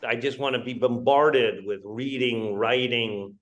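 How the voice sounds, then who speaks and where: A man's voice: medium pitch, steady tone, a little slow, fairly bright tone, poor audio. A man teaching English in a live-streamed online lesson, talking conversationally, checking in with "right?" and greeting viewers by name as they join. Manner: conversational, keeps asking "right?".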